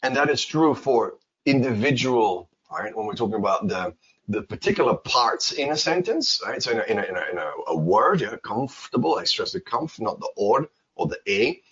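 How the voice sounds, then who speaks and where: A man giving an English pronunciation lesson, his voice swinging high and low as he repeats words to drive a point home. His tone is slightly husky, and the recording sounds dull and lo-fi. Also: normal speed. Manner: animated, repeats words for emphasis. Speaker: English teacher. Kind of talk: casual spoken lesson.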